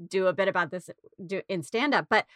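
Bright-voiced woman from Boston, chatting. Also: medium pitch, fairly quick, no echo. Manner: rambling, many fillers and restarts. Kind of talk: casual chat.

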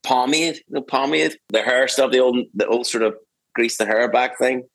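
A man's voice: medium pitch, normal speed, vocal fry, fairly bright tone, no room sound, poor audio. A middle-aged man with a Northern Irish accent, a singer-songwriter guest talking in a rambling, self-interrupting way and laughing easily, over a video call. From Northern Ireland. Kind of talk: casual interview chat.

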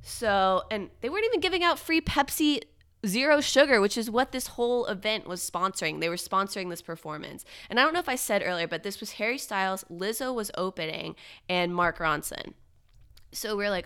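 Her voice is medium-pitched, clear and resonant, moving a little fast, though a bit nasal this morning. The young woman, a podcast co-host, animatedly rambles through a story in casual chat, peppering it with "like."

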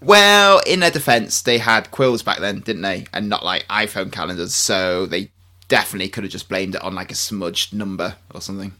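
A man's voice: deep voice, a little fast, bright, forceful tone. Nervously giggly male podcast co-host. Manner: nervous laughs, mock Scottish attempts. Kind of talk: scripted podcast banter.

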